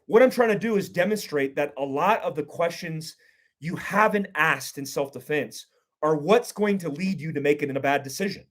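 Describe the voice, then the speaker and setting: A man's voice: a little high, moderate pace, a bit bright. Blunt, profane male self-defense instructor. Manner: blunt and profane, poses questions to the listener. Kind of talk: instructional talk with acted scenarios.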